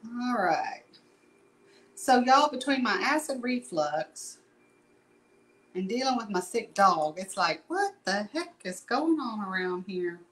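A woman's voice: medium pitch, big pitch swings, takes it slowly, fairly bright tone, poor audio. Chatty woman teaching painting. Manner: chatty, rambling, folksy asides. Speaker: painting instructor. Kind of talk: casual live painting tutorial.

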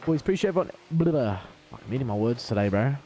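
A man with an Australian accent streaming a car-ball game live, talking to chat and trash-talking opponents in excitable banter. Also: medium pitch, quick pace, slight background noise. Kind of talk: live gaming commentary.

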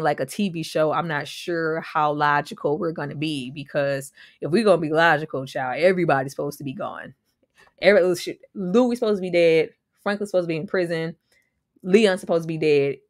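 Young woman, lowish voice, talky TV-recap energy with laughs and slangy asides, dry close-mic sound. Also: no room sound. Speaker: TV episode reviewer. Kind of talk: casual recap and reaction.

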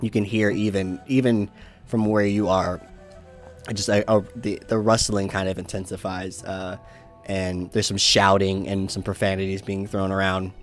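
A man's voice: sits low, flat delivery, normal speed, soft background music. A man narrating as game master in a tabletop game, rambling through scenes with many fillers and restarts.

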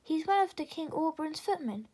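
A woman's voice: sits high, lively intonation, fairly quick, mellow, pitched above the performer's own voice. A woman doing a small cheerful girl fairy. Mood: friendly.

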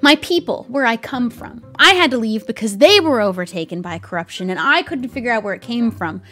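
A woman's voice: fairly high pitch, animated, brisk, a bit bright, soft background music. A young woman role-playing in a game, nervous and jokey, rambling and stammering. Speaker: Minecraft roleplay streamer. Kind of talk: in-character game roleplay chat.

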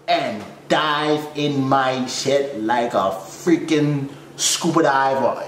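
Man, comic storyteller, high-ish lively voice, roomy sound, slangy and frank, acts out his reactions. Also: moderate pace, far from the mic, slight background noise. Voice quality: animated, swings between high yelps and low mutters. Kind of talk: comedic personal story.

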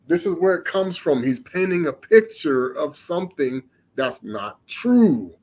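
A man preaching on scripture. He reads archaic passages aloud slowly, then breaks off to comment emphatically and fire off rhetorical questions. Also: on the high side, very animated, darkish tone, low-quality recording. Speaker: religious teacher.

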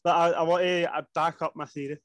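A man's voice: fairly high pitch, little pitch movement, fast, no room sound. A man in his twenties co-hosting a casual podcast, asking teasing questions and laughing easily. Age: 20s. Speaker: podcast co-host. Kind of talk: casual chat among friends.

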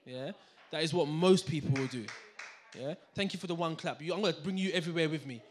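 A man giving a live finance seminar to a room audience, energetic and full of banter, quizzing the crowd. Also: a little high, fast, slight background noise. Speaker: seminar speaker.

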